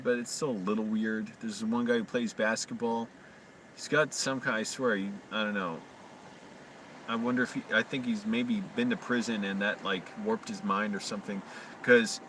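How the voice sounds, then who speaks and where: A man's voice: mid-range voice, bright, forceful tone, distant mic, a little hiss or hum, low-quality recording. A man live-streaming from his car at night, rambling casually with lots of fillers and swearing. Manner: rambling, swears freely, many fillers and restarts. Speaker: vlogger livestreaming. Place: in or near a parked car by a park at night.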